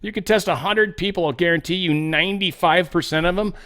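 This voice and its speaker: A man's voice: high voice, a little fast, fairly bright tone. A man hosting his own show, reading news stories aloud and riffing on them in a rambling, sarcastic way with profane asides. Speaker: podcast host. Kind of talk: casual news commentary monologue.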